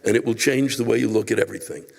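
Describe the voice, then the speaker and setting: A man's voice: on the low side, very fast, vocal fry, darkish tone, long reverb tail. An older man, a comedian, ranting with profanity and exasperated outbursts while answering a viewer letter.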